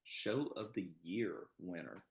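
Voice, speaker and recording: A man's voice: low voice, expressive, slow pace, vocal fry, highs cut off. Eager man in a roomy-sounding space. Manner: enthusiastic, laughs often. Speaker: guest on a live stream. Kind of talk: casual chat. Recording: roomy echo.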